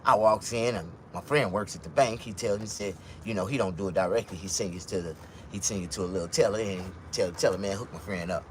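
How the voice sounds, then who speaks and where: A man's voice: fairly low pitch, quick pace, a little hiss or hum. Profane blunt man ranting. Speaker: vlogger. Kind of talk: casual monologue rant.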